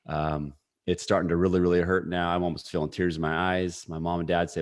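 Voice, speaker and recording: Low-voiced man in his forties. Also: a little fast. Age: 40s. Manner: energetic, story-driven talk with frequent fillers. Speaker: podcast guest. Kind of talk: casual storytelling.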